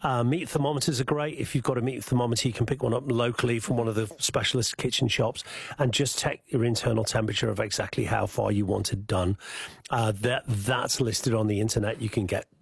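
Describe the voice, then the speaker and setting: Man, Scouse accent, husky voice, dry close studio sound, chatty guest chef. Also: medium pitch, steady tone, a little fast, dry recording. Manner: chatty, explains at length with restarts and fillers. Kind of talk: casual cooking chat on radio.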